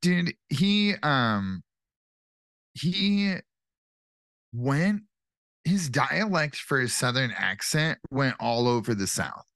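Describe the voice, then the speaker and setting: A man's voice: medium pitch, animated, slow pace, long pauses, fairly bright tone, dry recording, studio quality. A man co-hosting a podcast, joking casually about a movie with lots of "like" and restarts. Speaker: podcast co-host. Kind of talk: casual movie-review chat.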